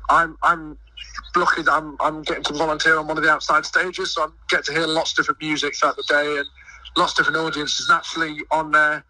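A young man who sings in a choir and volunteers at a festival, talking excitedly in a radio interview and often stumbling over his words. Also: on the high side, fast talker, dry recording, distant mic, low-quality recording. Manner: eager, stumbling restarts. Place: busy outdoor festival field.

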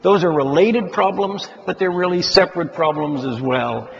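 A man giving a formal economics talk to investment advisors, measured and deliberate, stressing key words as he explains. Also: high voice, vocal fry. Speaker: keynote speaker addressing investment advisors. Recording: dull lo-fi sound with long hall reverb.

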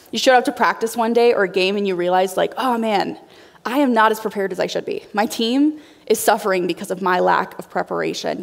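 Young female youth pastor, expressive and candid, preaching to teens in a reverberant hall. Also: on the high side, creaky. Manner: bubbly, emotional, talks straight to teens. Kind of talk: youth sermon.

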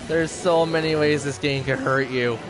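A man's voice: on the high side, fairly even intonation, moderate pace, music in the background. A man chatting casually in a rambling way while streaming gameplay. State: has the hiccups. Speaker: gaming streamer.

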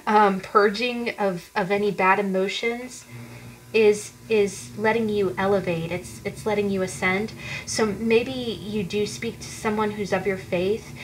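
A woman's voice: medium pitch, slight background noise, low-quality recording. Woman tarot reader, casual earnest delivery with frequent restarts. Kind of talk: casual tarot reading to viewers.

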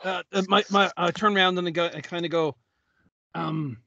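A man's voice: high-pitched, steady tone, moderate pace, gravelly, bright, forceful tone, no echo, highs cut off. A man playing a dwarf in a tabletop game, hesitant and full of ums and restarts. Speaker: player voicing a dwarf. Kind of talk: tabletop role-play chat.

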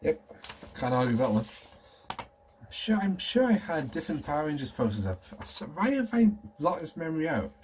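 A man's voice: a little high, sing-song, moderate pace, a little mellow, slight background noise. A man in his thirties chatting casually and enthusiastically as he shows off collectibles at home. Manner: rambling, enthusiastic, nostalgic. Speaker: collector vlogger. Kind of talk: casual show-and-tell chat.

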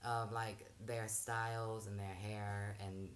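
A man's voice: lowish voice, little pitch movement, takes it slowly, slight background noise. A man hosting a reaction vlog, chatting casually and loosely, with frequent "um" fillers between phrases. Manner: loose and rambling, frequent "um" fillers and soft laughs. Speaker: reaction channel host.

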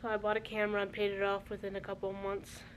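A young woman vlogging at home, talking straight to her handheld camera in a loose, rambling way. She is a bit out of breath and keeps restarting her sentences and filling the gaps with "um" and "like". Her pitch sits in a middle range, neither high nor low. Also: monotone, quick pace, a little hiss or hum. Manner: rambling, chatty, many restarts and fillers. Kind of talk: casual vlog chat. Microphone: handheld camera mic.

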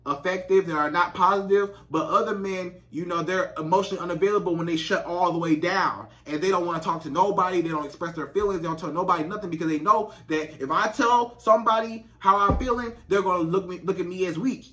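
A man's voice: sits high, normal speed, pushed and bright. A man giving relationship advice to women in a casual monologue, stammering, restarting and repeating himself. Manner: repetitive, stammering restarts, acts out quoted voices.

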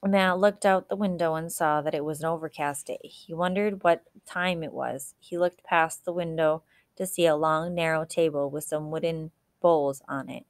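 A woman reading a children's novel aloud in a steady storytelling manner, with the odd slip and restart. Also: low voice, moderate pace, dry recording, clean studio sound. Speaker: reader.

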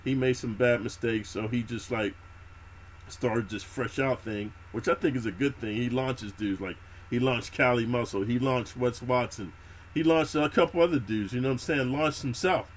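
Talking at a moderate pace in a medium-pitched voice, a middle-aged YouTube host spins prison and military tales for his audience, with slight background noise. It's an unscripted, casual monologue thick with street slang and swearing, and he addresses the listener as "homie."

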